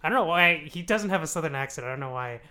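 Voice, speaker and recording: A young man recapping a show on a comedy podcast in a loose, rambling way. He laughs often and drops into quick voices for the characters. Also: fairly high pitch, animated, crowd noise. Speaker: podcast host explaining a TV show.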